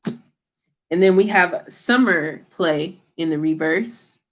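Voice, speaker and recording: A woman's voice: on the low side, takes it slowly. A woman giving a casual tarot reading to camera, talking in a blunt, slangy, scolding way and swearing freely. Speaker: tarot reader.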